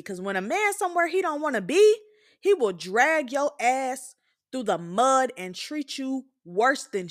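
A woman's voice: on the high side, fairly bright tone. A woman in her twenties hosting a show, giving a candid, blunt and profane opinion monologue. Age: 20s. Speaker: podcast host.

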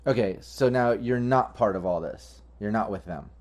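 A man's voice: lowish voice, normal speed, darkish tone. Casual, profane man game master. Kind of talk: narrating a tabletop game.

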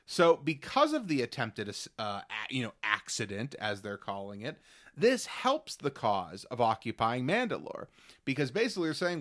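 A man co-hosting a podcast, recapping episodes in casual, animated chat and sometimes dropping into mock voices. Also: mid-range voice, moderate pace. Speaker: podcast co-host.

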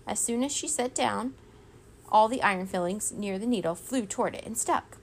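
A woman's voice: mid-range voice, moderate pace, a little hiss or hum. Woman reading a storybook aloud. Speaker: reader.

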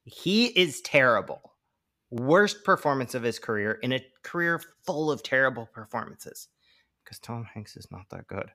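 A man's voice: mid-range voice, big pitch swings, normal speed, pushed and bright. A man co-hosting a casual film-review podcast, talking bluntly and opinionatedly with many fillers. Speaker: podcast co-host.

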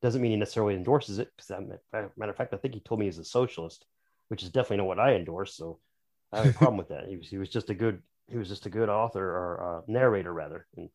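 A man's voice: on the low side, fast talker, darkish tone. Talkative, opinionated male author. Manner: talkative, opinionated, explains at length. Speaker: author, podcast guest. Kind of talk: casual podcast conversation.

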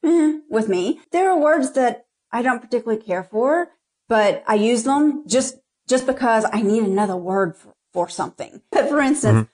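A woman's voice: on the high side, animated, moderate pace, darkish tone. A woman author talking frankly about her writing in an interview, rambling with many restarts. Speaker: erotica author, guest. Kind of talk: casual interview talk.

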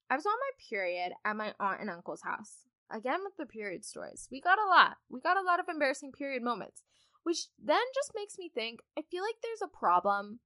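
A woman's voice: fairly high pitch, sharp tone, no echo, studio quality. A young woman hosting a podcast, chatting in a bubbly, rambling way full of asides. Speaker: podcast host. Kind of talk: casual storytime chat.

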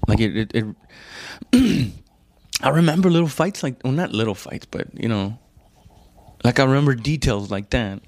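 A man delivers a laid-back, profane comedic monologue in an animated, darkish mid-range voice at normal speed with no echo. He rambles, pauses often, keeps stopping to correct himself, and calls the listener "dude".

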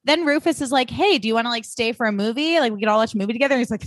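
A woman's voice: on the high side, very fast, no room sound. A woman co-hosting a podcast, recapping a TV episode in a chatty way with lots of "like" and acted-out quotes. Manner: chatty, full of likes, acts out quotes. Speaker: podcast co-host. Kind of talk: casual recap chat.

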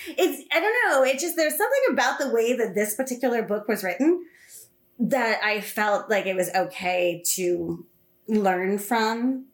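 A woman chatting casually about a book and parenting, animated and quick to laugh. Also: a little high. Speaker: podcast guest. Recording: roomy echo.

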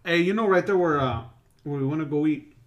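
A man's voice: a little high, fairly quick. A man telling a long story in casual podcast chat, rambling, slangy and full of swearing.

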